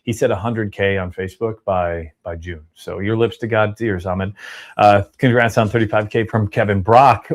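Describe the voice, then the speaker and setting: A man hosting a casual livestream, chatty and upbeat as he reads out viewer donations and shout-outs. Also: on the low side. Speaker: livestream host reading super chats.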